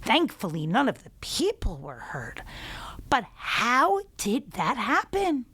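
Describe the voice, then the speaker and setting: A woman teacher telling a children's story and giving a Torah lesson in an expressive, animated way. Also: fairly high pitch, slow, husky, no echo.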